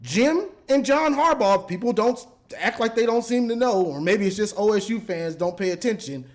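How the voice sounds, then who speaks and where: A high-pitched man rants about his team, exasperated and animated. He circles back on the same points again and again. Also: normal speed. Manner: exasperated, repetitive, animated with laughs. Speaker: sports commentator. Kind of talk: ranting fan commentary.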